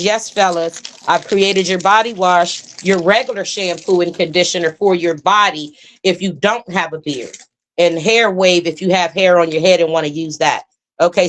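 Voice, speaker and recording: A woman showing off her own hair and beard care line in a casual, enthusiastic demo, with folksy talk and drawn-out oohs. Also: lowish voice. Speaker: product seller demonstrating her own line.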